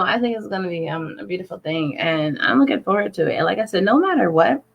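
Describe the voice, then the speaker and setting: A woman co-hosting a web talk show, telling animated stories with playful sound effects and frequent laughs. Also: lowish voice. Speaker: co-host and virtual event host. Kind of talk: casual chat.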